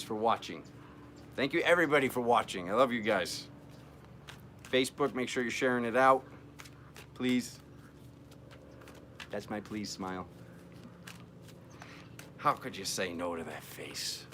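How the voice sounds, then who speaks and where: A man's voice: fairly low pitch, lively intonation, normal speed, pauses often, bright, forceful tone, a little hiss or hum. A man hosting a live-streamed tarot reading, chatting playfully and joking with his viewers as he works through the cards.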